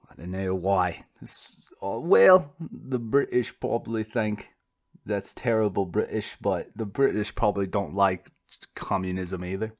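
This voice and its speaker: A young man hosts a podcast on his own, his voice sitting a touch low. He talks slowly and loosely, wandering between thoughts, breaking off mid-sentence and tossing in casual jokes. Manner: meandering, self-interrupting, jokey asides. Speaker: podcast co-host. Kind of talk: solo rambling podcast monologue.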